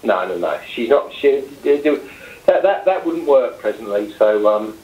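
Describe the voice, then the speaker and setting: A man's voice: medium pitch, animated, measured pace. A man with a London accent, chatting casually as a guest, hesitant and full of restarts. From London, England. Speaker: guest, cab driver. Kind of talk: casual chat. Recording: echoey, dull lo-fi sound.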